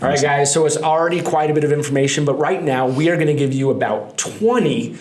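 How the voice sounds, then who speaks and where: A man's voice: a little high, fast talker, darkish tone. A man co-hosting a language podcast, upbeat and jokey, talking straight to the listeners in casual chat. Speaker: podcast co-host. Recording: roomy studio echo.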